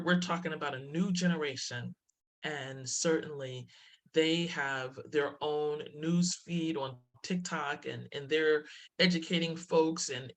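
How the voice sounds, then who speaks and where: A low-pitched woman presents as a diversity speaker in a webinar, telling stories, laughing often, and restarting her phrases.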